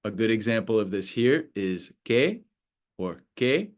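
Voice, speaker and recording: A man with a fairly low voice teaching a beginner language lesson. He explains patiently and slows right down whenever he models a word. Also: very animated. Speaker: Spanish teacher.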